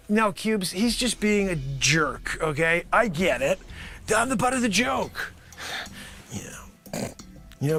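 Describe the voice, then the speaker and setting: A man doing an improvised comedy monologue, rambling and animated, sometimes shouting. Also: high-pitched, gravelly. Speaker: comedian host. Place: home studio with green screen.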